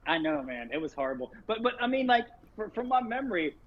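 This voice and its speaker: A man's voice: sits high, very animated, fast talker. A man co-hosting a movie podcast, talking in a profane, rambling way with lots of laughter. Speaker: podcast co-host. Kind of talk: casual movie chat. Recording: dull lo-fi recording.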